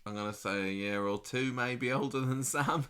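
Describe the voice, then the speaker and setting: A man's voice: medium pitch, moderate pace, pushed and bright. A man co-hosting a podcast with dry, teasing remarks. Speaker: podcast co-host. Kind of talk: casual chat.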